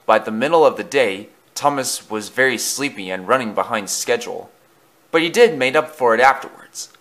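A man reading a storybook aloud with expressive, dramatic narration. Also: mid-range voice, moderate pace.

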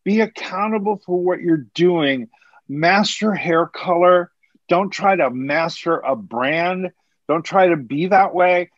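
A somewhat high-voiced man talks earnestly on a casual podcast, preaching his point and circling back with restarts. The audio is dull and lo-fi, with a dry, close sound and no room around it. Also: takes it slowly, no room sound. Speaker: podcast co-host, hair color educator.

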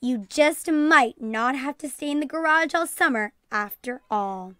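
A woman voicing an eager young girl in a storybook read-aloud, excited and quick. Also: high-pitched, no echo, clean studio sound. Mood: gleeful.

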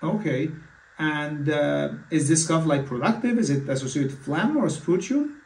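A man's voice: fairly high pitch, animated, moderate pace, darkish tone, a little hiss or hum. A man acting as a physician in a mock patient consultation, talking hesitantly with many fillers and restarts. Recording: echoey room, far from mic.

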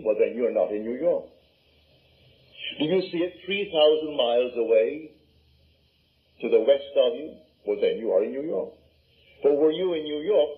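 An older man with a Barbadian accent giving an emphatic spoken lecture, full of rhetorical questions. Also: mid-range voice. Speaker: lecturer on scripture and imagination. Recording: tinny lo-fi archive recording.

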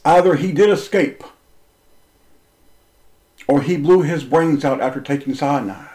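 Intense, foul-mouthed man with a higher voice. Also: unhurried, poor audio. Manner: intense and confrontational, swears freely, voice swings from loud to low. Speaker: online preacher telling a personal story. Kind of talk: impassioned storytelling monologue.

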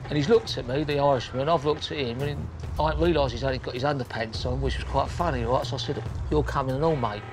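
Over music, a man being interviewed bluntly recounts his own crimes in casual talk, swearing often and acting out scenes with quick quoted voices. His voice sits in the mid-range.

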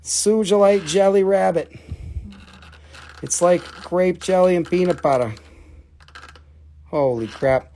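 A man selling minerals on a live stream, talking casually and excitably to viewers, swearing and joking as he shows each piece. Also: high-pitched, slow pace, long pauses, slight background noise. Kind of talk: casual live-sale patter.

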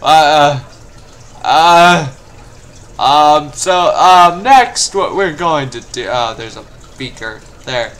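Slow-talking young man raging at a game. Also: fairly high pitch, expressive. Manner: frustrated, swings from mumbling to yelling. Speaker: gameplay video host. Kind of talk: let's play commentary.

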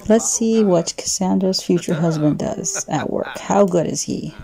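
A woman's voice: fairly low pitch, a little slow, creaky, dark tone. A woman hosting a let's play, chatting casually as she builds rooms and plays a life-sim game from a home desk setup. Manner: chatty, narrating while building.

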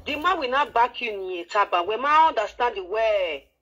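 A woman calling into a talk show, chatting excitedly. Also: on the high side, moderate pace, husky, highs cut off. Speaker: caller. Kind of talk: casual chat.

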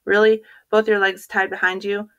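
A woman's voice: mid-range voice, flat delivery, normal speed, smooth, muffled recording, close to an everyday voice. A woman doing a doubtful storybook boy.

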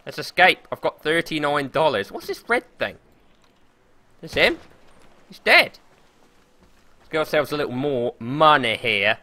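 A young man streaming a game live, commentating excitably with frequent swearing and laughter into a desk or headset microphone. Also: fairly high pitch, unhurried, long pauses. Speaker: gaming streamer.

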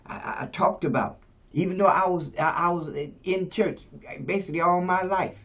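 A man in his seventies preaching a sermon as pastor, shifting between quiet talk and shouts. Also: steady tone, moderate pace. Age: 70s. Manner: preaching, swings from low to shouting. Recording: dull lo-fi radio sound.

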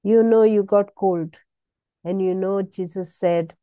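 A woman's voice: mid-range voice, fairly even intonation, slow, mellow, no room sound, dull audio. A woman preaching a sermon, exhorting with emphatic repetition and sudden rises in her voice.

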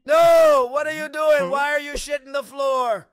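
A man hosting a reaction video, calling out excitedly at clips and pleading with viewers to subscribe. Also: extremely high pitch, normal speed, no echo. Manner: exclamatory, keeps begging viewers to subscribe.

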